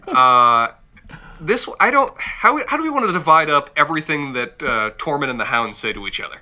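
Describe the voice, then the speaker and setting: A man's voice: fairly high pitch, big pitch swings, moderate pace, long pauses, bright, forceful tone. A man co-hosting a casual podcast, chatting and reading lines from a show aloud. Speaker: podcast co-host. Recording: dull lo-fi mic.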